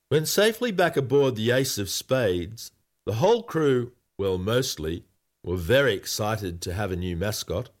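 A man reading a children's story aloud in a playful, whimsical way. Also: fairly low pitch.

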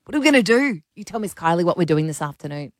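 A woman's voice: on the low side, racing, no echo, studio quality. A woman, co-hosting a radio show, telling a story with lots of laughter. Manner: animated storyteller, laughs often. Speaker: radio co-host. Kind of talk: casual radio chat.

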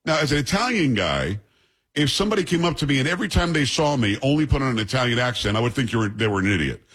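A man's voice: mid-range voice, very animated, fast talker, fairly bright tone, breathy edge. A man hosting a show, giving blunt, scornful political commentary. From New York.

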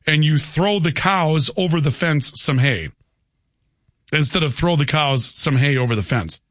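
A man's voice: on the high side, a bit bright, dry recording, studio quality. Chatty male talk radio host. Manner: chatty, wandering, folksy banter. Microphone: studio microphone.

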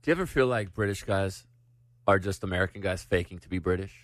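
A man's voice: low voice, quick pace, dry recording. A man hosting a radio show with joking banter, from Mexico.

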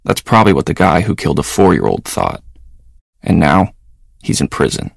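A man with a very low, gravelly voice delivers a public service announcement. His reading is measured and serious. The recording is dry and close. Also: sing-song, dry recording. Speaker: ad voice-over.

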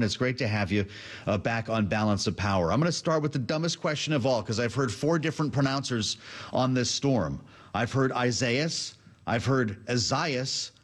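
Male anchor, mid-range voice, brisk and chatty with guests. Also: mid-range voice. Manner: brisk, conversational, reads quotes aloud. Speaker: news anchor. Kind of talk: broadcast news presenting.

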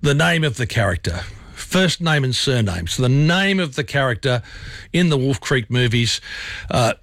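A man's voice: medium pitch, lively intonation, normal speed, a bit bright, dry recording, studio quality. A man hosting late-night talk radio, chatting casually with many fillers and restarts. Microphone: studio mic.

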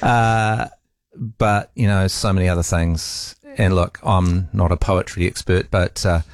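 A man in his forties, a radio talk host, giving a heartfelt tribute in a halting way with restarts and pauses. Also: low-pitched, fairly even intonation.

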